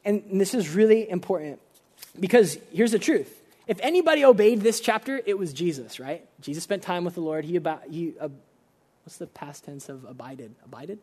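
Earnest young male preacher, high voice. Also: lively intonation, moderate pace, a little mellow. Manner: conversational, frequent filler "like", earnest. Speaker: pastor. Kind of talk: casual sermon.

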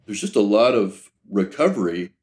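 A man with a fairly low voice hosts a conversational podcast. He talks in a reflective, thoughtful way and builds his points through long metaphors. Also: sing-song, moderate pace, darkish tone. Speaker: podcast host. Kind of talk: conversational interview.

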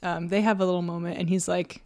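A woman's voice: on the low side, little pitch movement, fast, mellow. A woman co-hosting a movie podcast in casual chat, laughing often and using many fillers. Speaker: podcast co-host.

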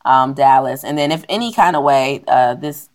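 A woman co-hosting a podcast in casual chat, animated and laughing often as she retells stories. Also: a bass voice, moderate pace. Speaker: podcast co-host.

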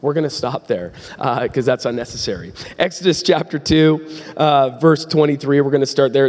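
A man's voice: medium pitch, moderate pace, few pauses, darkish tone. Young man, guest pastor, sermon, rambling, self-interrupting, church with long reverb. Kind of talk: sermon with scripture reading. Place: church sanctuary.

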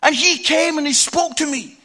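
A middle-aged man preaching a humorous storytelling sermon, an animated teller with punchy asides. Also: extremely high pitch, moderate pace. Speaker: evangelist preacher.

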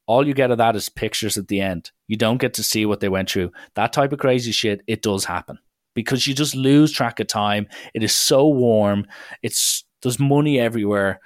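A young man telling a long comic story, shouting out the quoted lines. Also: fairly low pitch, no room sound, clean studio sound. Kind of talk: storytelling stand-up.

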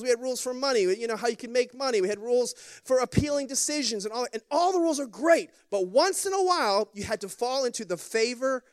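A man preaching a sermon as a pastor in a church, talking in a conversational storytelling way, with lots of repetition and calls for the congregation to respond. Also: extremely high pitch.

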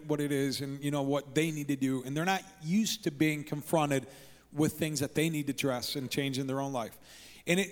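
A male pastor preaching a sermon, telling the story in a lively way and acting out the people in it. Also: a little high. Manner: storytelling, acts out scenes in voices. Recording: long hall reverb.

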